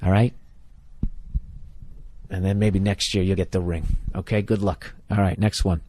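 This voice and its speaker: Deep-voiced blunt man ranting profanely. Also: flat delivery, unhurried, darkish tone, slight background noise. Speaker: podcast host giving advice. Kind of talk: casual comedic rant.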